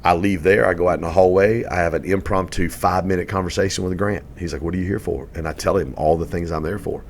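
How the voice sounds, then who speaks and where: A middle-aged man, a real estate coach, telling stories in a casual podcast interview, turning animated and loud when excited. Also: deep voice, quick pace, a little hiss or hum.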